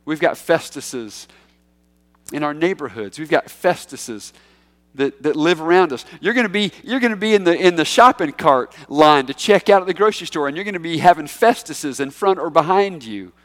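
Male pastor preaching, chatty and emphatic, kinda high voice, echoey hall. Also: lively intonation, normal speed. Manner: conversational, emphatic preaching with big swings in pitch and loudness. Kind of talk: sermon.

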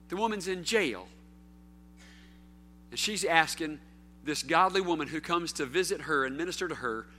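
A man preaching a sermon as pastor, rising to loud calls and dropping to a hush, putting question after question to his listeners. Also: on the high side, animated, moderate pace. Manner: preaching with sweeping swings from loud to hushed; calls out rhetorical questions to the congregation.

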